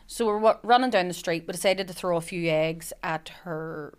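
A young woman with a Northern Irish accent from Belfast, telling a lively, swearing story as a podcast co-host. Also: lowish voice, normal speed, smooth. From Belfast, Northern Ireland. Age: young adult. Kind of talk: casual chat.

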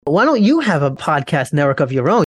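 A podcast host chatting with guests, lively and quick to laugh. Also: mid-range voice, breathy edge. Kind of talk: casual interview chat.

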